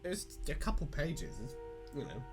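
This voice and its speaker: A man's voice: a little high, sing-song, moderate pace, faint music behind. A man hosting a casual group reading, joking and handing out parts. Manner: joking, directing who reads which part. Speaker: host. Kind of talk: casual chat during a group comic reading.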